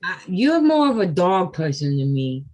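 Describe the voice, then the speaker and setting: A woman's voice: fairly low pitch, sing-song, normal speed, darkish tone. Woman host, teasing and sarcastic, greets folks on a live stream. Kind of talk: casual group chat.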